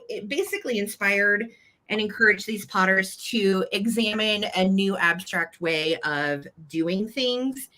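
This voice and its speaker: A woman's voice: medium pitch, pushed and bright. A woman with an American accent hosting a live online auction, gushing over each piece and counting down bids. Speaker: live-sale host.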